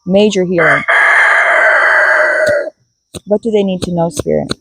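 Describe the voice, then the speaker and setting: A woman's voice: on the low side, a little slow, gravelly, slight background noise, poor audio. A woman giving a spiritual card reading to her viewers, musing aloud and repeating key words as she goes. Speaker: tarot and oracle card reader.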